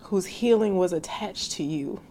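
A young woman hosts a faith podcast, speaking to listeners directly in a voice that sits fairly low and sounds unhurried and mellow. She's earnest and heartfelt yet casual and slangy, calling her audience "sis." There's a slight hiss or hum in the audio.

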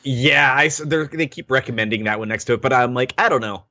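A man's voice: mid-range voice, fast talker, bright, forceful tone, no echo. A man co-hosting a podcast, chatting casually in a rambling way that keeps interrupting itself. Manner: rambling, self-interrupting, laughs often. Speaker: podcast co-host. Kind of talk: casual chat.

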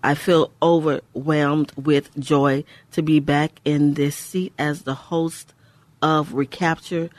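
A woman's voice: sits low, a little mellow, no room sound. A woman from Houston hosting a faith-based radio talk show, speaking with joy and emphasis and often repeating phrases. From Houston, Texas. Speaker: radio host. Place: radio studio.

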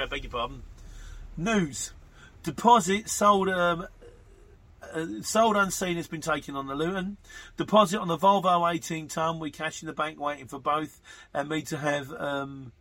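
A chatty male podcast host reading out listener messages and riffing on them in a loose, rambling way. His voice is forceful and bright, with a husky, slightly rough edge. He talks in a matter-of-fact manner, full of fillers and restarts. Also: a little high. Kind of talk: casual chat.

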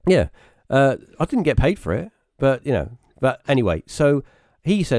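A British man, a guest on a live stream, rambles through personal anecdotes, restarting often and leaping into high-pitched voices when quoting people. His pitch swings widely, he talks at normal speed with hardly any pauses, and his tone is a little mellow. The recording is dry and clean, with studio sound.

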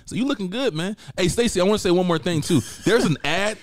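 A man co-hosting a podcast, loud, profane and joking in casual chat. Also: high-pitched, animated, fast, dry recording, studio quality. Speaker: podcast co-host. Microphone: studio mic.

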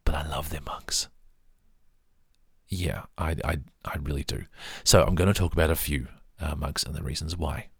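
Low gravelly aussie guy rambling on in a dry close room, bit husky. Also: fairly even intonation, moderate pace, no room sound. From Australia. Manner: chatty, rambling, self-deprecating asides. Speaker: vlogger. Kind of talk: casual show-and-tell monologue.

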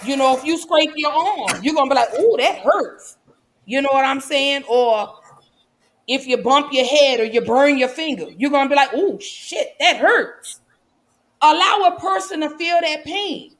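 Emphatic woman vlogger, fairly high voice. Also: moderate pace. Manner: emphatic, preachy, colloquial. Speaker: vlogger and mother. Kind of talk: impassioned commentary.

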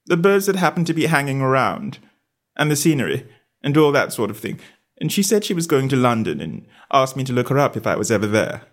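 A man playing a shy, toneless young gentleman. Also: mid-range voice, a little fast, voice pushed up, natural voice. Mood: meek. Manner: diffident, flat and toneless.

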